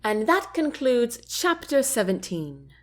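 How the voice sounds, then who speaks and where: Slow, lilting woman storyteller. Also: fairly high pitch, very animated. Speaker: audiobook narrator and host. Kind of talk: storybook narration.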